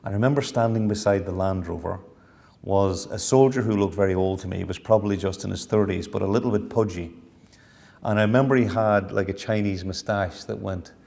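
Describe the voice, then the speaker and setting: A man's voice: fairly low pitch, gravelly, warm tone. A middle-aged man, telling a personal story in a reflective lecture. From Ireland. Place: university lecture hall. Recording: long hall reverb.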